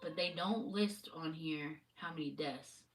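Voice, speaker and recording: A woman with a deep voice speaks at a measured pace while chatting loosely on a livestream where she gives spiritual readings. She rambles and swears casually, and the distant mic picks up faint background noise.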